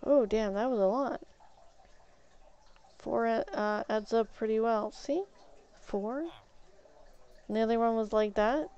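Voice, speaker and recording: A woman's voice: a little high, slow, long pauses, mellow, highs cut off. A woman streamer telling a story in a rambling way while she plays a game, swapping in "flip" for swear words. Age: adult, has an ex-husband. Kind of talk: casual storytelling while gaming.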